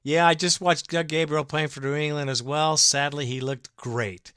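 A man's voice: on the high side, fairly even intonation, normal speed, few pauses, bright, forceful tone, smooth, no room sound, studio quality. Fired-up man ranting on a fan podcast. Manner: emotional, ranting, swears freely. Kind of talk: casual fan podcast monologue.

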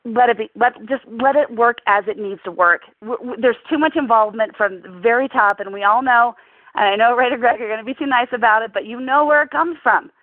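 A woman's voice: a little high, fairly quick, no room sound. A woman calling in with a heated, profane, rambling fan rant. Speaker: caller leaving a fan rant. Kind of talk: voicemail rant. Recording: tinny phone line.

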